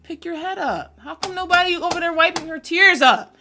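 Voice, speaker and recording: A woman hosting a sports reaction stream, talking casually in slang and swinging between loud outbursts and low mutters. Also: brisk, music in the background. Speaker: sports reaction channel host. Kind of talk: casual live reaction commentary.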